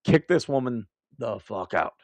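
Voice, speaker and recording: A man's voice: medium pitch, animated, a little slow, vocal fry, no echo. Blunt, profane man hosting a live stream. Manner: laughs at his own remarks. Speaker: livestream host. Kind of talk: casual live commentary.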